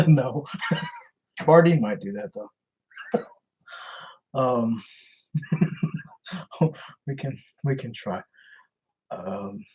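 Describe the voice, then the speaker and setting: A man's voice: medium pitch, a little mellow, slightly rough, poor audio. A man hosting a casual live stream, reading messages aloud, chuckling and answering viewers as he goes. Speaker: livestream host baiting scammers.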